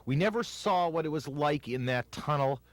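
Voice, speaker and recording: A man narrating a news piece in a grave, deliberate manner. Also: on the high side, animated, dry recording.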